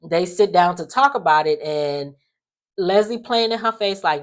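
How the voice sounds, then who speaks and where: A woman with a low, full voice talks through a soap opera recap. She is animated and throws herself into quoting the characters, with dramatic asides as she goes. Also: normal speed. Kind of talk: casual recap commentary.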